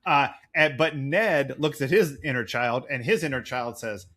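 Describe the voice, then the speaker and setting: A man's voice: medium pitch, normal speed, fairly bright tone. A man in his forties co-hosting a podcast in casual chat, rambling and jokey. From United States. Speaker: podcast co-host.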